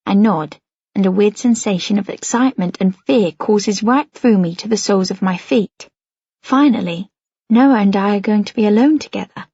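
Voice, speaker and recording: Breathy woman narrating a novel. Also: medium pitch, no room sound, muffled recording. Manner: intimate, soft-spoken storytelling. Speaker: audiobook narrator. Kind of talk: first-person novel narration.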